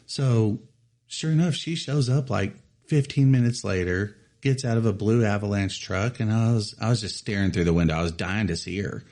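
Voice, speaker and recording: A man in his thirties telling a personal story in casual chat, animated and often laughing as he acts out other people's lines. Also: lowish voice, normal speed. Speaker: podcast co-host telling a story.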